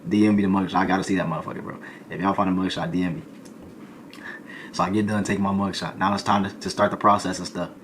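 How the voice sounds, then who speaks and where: A young adult man, a streamer, telling a comedic storytime in an animated, slangy way, peppering his lines with "boy" and "folk". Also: deep voice, fast talker, a little hiss or hum.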